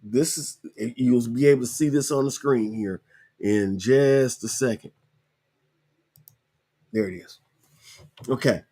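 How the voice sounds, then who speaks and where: A man hosting a podcast, casually walking viewers through a screen-share tutorial, repeating himself and spelling things out slowly. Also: a little high, a bit bright. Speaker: podcast host.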